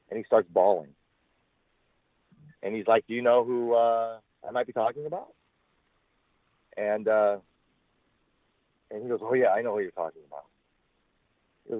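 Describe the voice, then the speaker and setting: A man's voice: fairly low pitch, animated, a little slow, pauses often, no echo. A man, a former talent manager, telling rambling stories in an interview, swearing freely and acting out what other people said. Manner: rambling, profane, acts out quoted people. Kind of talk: casual storytelling interview. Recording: tinny phone-line sound, dry.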